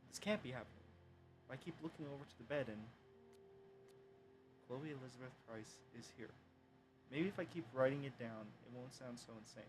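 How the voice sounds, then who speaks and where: A man's voice: mid-range voice, a little fast, long pauses, background noise. A man streaming a game and reading its dialogue and journal entries aloud himself. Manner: reads all game text in his own voice, with bursts of loud exclamation. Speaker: gameplay streamer.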